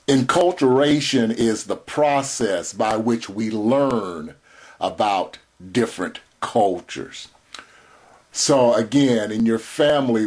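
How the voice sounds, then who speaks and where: A man lectures in a deliberate, unhurried voice, pausing between phrases as if listing points for students. His pitch sits in an ordinary middle range. He sounds middle-aged and steady, like a teacher walking a class through notes. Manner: slow, measured delivery with spelled-out terms. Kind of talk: recorded lecture.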